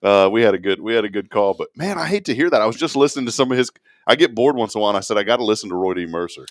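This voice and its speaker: A middle-aged man co-hosting a morning show, telling stories in a lively way and laughing often. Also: mid-range voice, racing, dry recording, studio quality. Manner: animated storyteller, laughs often. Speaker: radio show co-host. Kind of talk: casual chat.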